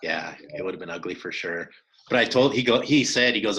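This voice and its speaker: Man, bright forceful tone, slightly low voice, animated storyteller, casual podcast chat. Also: fairly quick, rough recording. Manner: animated, acts out quoted dialogue, many restarts. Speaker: podcast co-host telling a hunt story.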